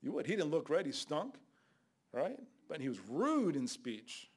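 An older man preaching a fiery Bible sermon as a guest preacher, scolding loudly and then dropping to low asides. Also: very animated, a little slow, husky. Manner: loud, scolding, shifts between shouting and low asides.

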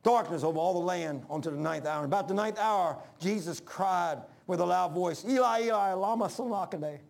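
A man preaching a sermon, emphatic, calling out to the congregation and dropping to hushed lines between loud peaks. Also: fairly high pitch, normal speed, creaky. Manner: calls for congregation responses.

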